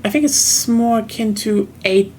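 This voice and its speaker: A woman's voice: on the high side, measured pace, a little mellow, slight background noise. A young woman from southern Germany with a German accent, chatting casually as a streamer while gaming, rambling with lots of fillers and restarts.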